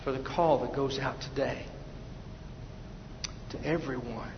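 A male pastor preaching an evangelistic sermon, swinging from loud urgent appeals to hushed prayer. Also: mid-range voice, unhurried. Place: church sanctuary. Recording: dull echoey church hall recording with faint noise.

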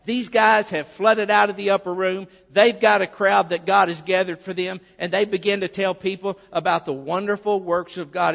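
A male pastor delivers a sermon in a high, gravelly voice. He keeps it earnest and conversational, with plenty of asides. The recording is dull and muffled, with a long church-hall reverb trailing his words. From Arkansas, US.

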